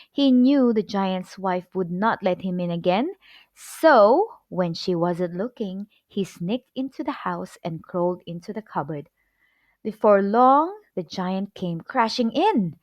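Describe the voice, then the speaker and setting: Slow, expressive woman reading a children's story. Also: mid-range voice, no echo, highs cut off. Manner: expressive, clear storybook delivery.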